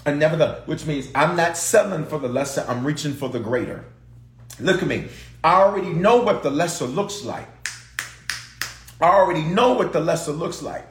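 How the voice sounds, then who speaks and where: A man's voice: on the high side, reverberant. A pastor preaching a sermon to his congregation and online viewers, repeating phrases for emphasis and calling on listeners to respond.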